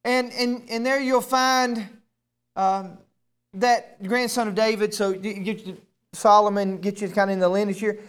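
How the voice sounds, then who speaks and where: A man's voice: high-pitched, fairly even intonation, measured pace, clean tone. A male pastor preaching a sermon, often repeating words as he restarts, then building to emphatic, raised passages. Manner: stammering word repeats, building to emphatic shouts.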